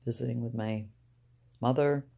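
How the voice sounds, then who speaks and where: An older woman speaks from inside a car in a dark, mellow voice with plenty of gravelly fry. She rambles softly and haltingly to her viewers, losing her thread, trailing off and sighing between thoughts. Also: a bass voice, steady tone. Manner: soft-spoken, halting, trailing off with sighs. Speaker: vlogger. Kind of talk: rambling casual talk to camera.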